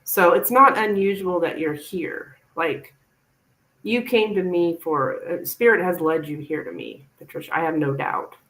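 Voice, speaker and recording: A woman's voice: fairly low pitch, unhurried, a bit bright, rough recording. A woman tarot reader giving a chatty, reassuring live-stream reading to a viewer.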